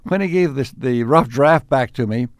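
An older man being interviewed, telling reflective stories in an unhurried, anecdotal way with chuckles. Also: mid-range voice, dry recording, studio quality. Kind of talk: reflective storytelling.

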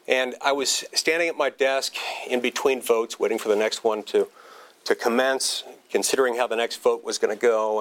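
A man delivers a humorous anecdote in a speech, in a mid-range voice. He tells it wryly and pokes fun at himself, often stopping to restart a phrase before moving on. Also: mid-range voice. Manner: wry, self-deprecating storytelling with halting restarts. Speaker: senator giving a speech.

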